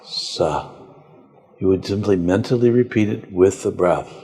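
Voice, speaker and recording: Deep breathy-voiced guy gently talking you through a breathing meditation, slow and calm. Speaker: spiritual teacher, podcast guest. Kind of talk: guided meditation instruction.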